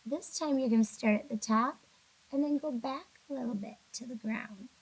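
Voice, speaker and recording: In a roughly recorded video lesson for little kids, a female teacher with a highish, husky voice talks to them directly at normal speed. She is patient and encouraging, though somewhat drowsy, yawning now and then.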